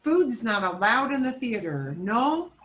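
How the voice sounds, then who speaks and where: Slow, lively woman teaching Spanish. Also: fairly high pitch, background noise. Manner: patient, explains step by step, mixes Spanish into English. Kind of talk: beginner language lesson.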